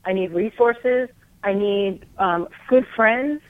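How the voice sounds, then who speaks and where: A woman guest on an interview show, a coach who talks in an energetic, animated way and often repeats words, heard over a phone line. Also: mid-range voice, slow, no room sound. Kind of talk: casual interview chat.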